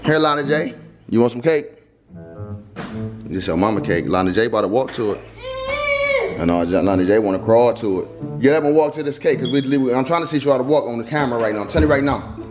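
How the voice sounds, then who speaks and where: A man's voice: medium pitch, lively intonation, fast, long pauses, music in the background. A young man vlogging at home, playfully coaxing his baby to walk while chatting to viewers. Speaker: vlogger parent. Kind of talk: casual family vlog. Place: family home.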